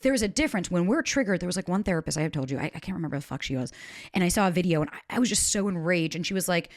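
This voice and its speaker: A woman hosting a podcast, telling candid stories in an animated, casual way with some swearing. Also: on the low side, racing. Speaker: podcast host. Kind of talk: casual conversation.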